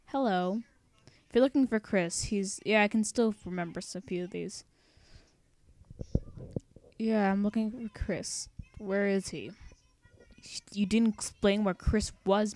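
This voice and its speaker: A woman's voice: mid-range voice, darkish tone. A young woman narrating a let's play, chatty and sarcastic, rambling with singsong asides. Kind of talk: casual game commentary.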